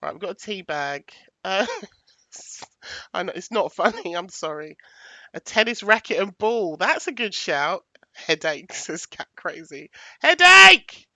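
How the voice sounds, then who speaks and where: Slow-talking woman livestreaming. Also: fairly low pitch, lively intonation, bright, forceful tone, dry recording. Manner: chatty, thanks viewers, thinks aloud while picking graphics. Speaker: livestream host. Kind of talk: casual livestream commentary.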